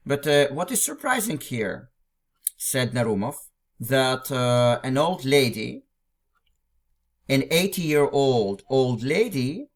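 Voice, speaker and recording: A man's voice: mid-range voice, sing-song, slow. A man teaching a language through a classic text, explaining it line by line. He talks patiently and often repeats phrases or restarts a sentence.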